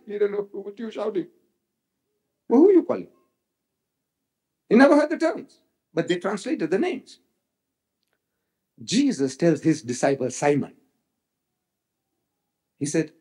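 An older man giving a public religious lecture, rhetorical and animated, quoting others in voices. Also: fairly high pitch. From South Africa. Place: lecture hall.

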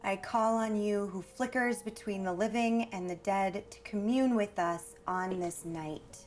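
A young woman leading a seance, played by an actress, intoning her calls to the spirit slowly and solemnly. She gives orders to her friends with firm authority. Faint music sits under the scene. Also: medium pitch, a little mellow, close to an everyday voice. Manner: commanding, solemn incantation. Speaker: seance leader. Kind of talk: horror short film acting.

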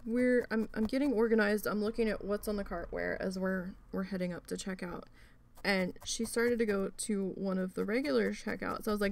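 A woman's voice: medium pitch, fairly even intonation, moderate pace, gravelly. Exasperated woman telling a story. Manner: exasperated, swears often, frequent restarts. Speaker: vlogger. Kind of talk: casual storytelling while crafting.

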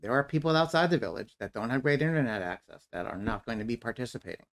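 A man's voice: medium pitch, expressive, fast. A man giving blunt, critical public comment at a town forum over a video call, repeating his points. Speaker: resident commenter.

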